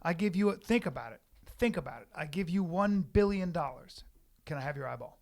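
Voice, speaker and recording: Man, podcast co-host, high voice, jokey, playful banter. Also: expressive, brisk, creaky, a little mellow. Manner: joking, playful interjections. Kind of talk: casual podcast chat.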